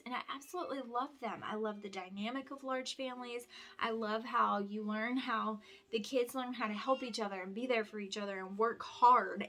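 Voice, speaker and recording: A woman's voice: a little high, sharp tone. A tired woman, chatting and rambling with lots of restarts while folding laundry at home. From Alabama. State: tired from lack of sleep. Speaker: vlogger and homeschooling mother. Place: home, indoors.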